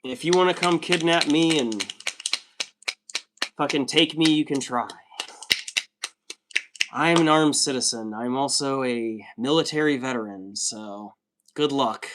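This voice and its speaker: A man's voice: mid-range voice, a little slow, long pauses, very noisy. A man in his thirties from the United States, chatting casually on a livestream and reading viewer comments aloud with a laid-back, joking manner.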